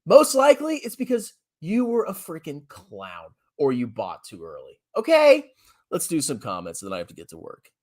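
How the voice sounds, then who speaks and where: A man hosting a personal finance channel, reading viewer comments aloud in an animated, slangy way and laughing often. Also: mid-range voice, normal speed.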